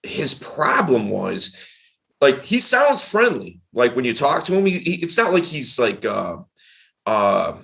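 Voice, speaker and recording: Male podcast host, middle-aged, lively swooping delivery, bright forward tone, emphatic. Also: medium pitch, unhurried, gravelly. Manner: animated, emphatic, varied tonality. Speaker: dating coach, podcast host. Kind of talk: casual podcast chat.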